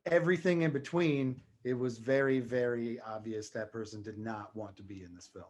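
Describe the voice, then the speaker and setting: Wry podcast co-host. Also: male voice, medium pitch, normal speed. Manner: wry, dry humor. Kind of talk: casual chat.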